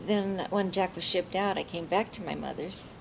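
Older woman with a gravelly, low voice. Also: moderate pace, slight background noise, rough recording. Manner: chatty, often laughing while recalling. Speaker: interviewee. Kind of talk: oral history storytelling.

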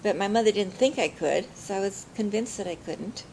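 A woman's voice: mid-range voice, a little fast, darkish tone, a little hiss or hum, low-quality recording. An older woman telling family stories in an oral history interview, chatty and laughing often.

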